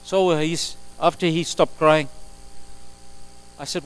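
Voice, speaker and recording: A male pastor delivering a sermon in a church sanctuary, captured on a live stream. His voice sits a little high for a man, and he preaches emphatically, swinging from loud exclamations to quiet asides. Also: moderate pace, pauses often, poor audio. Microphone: live stream recording.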